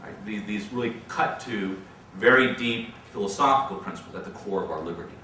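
Lecturer with a bright voice in an echoey hall. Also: male voice, on the low side. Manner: measured, repeats words when starting sentences. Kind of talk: lecture answering audience questions. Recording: echoey hall from far off, faint noise.

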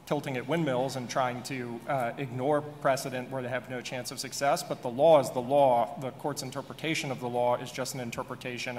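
A man's voice: medium pitch, slight background noise. A man on a panel stating his view firmly and emphatically. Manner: firm, emphatic. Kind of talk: panel discussion. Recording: reverberant hall.

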